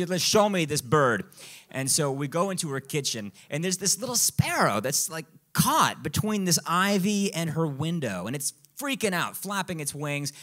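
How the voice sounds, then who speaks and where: A man performing a comic true story at a live storytelling show. His voice sits a touch high and sounds bright and forceful. The delivery is animated and self-mocking, with lots of rise and fall.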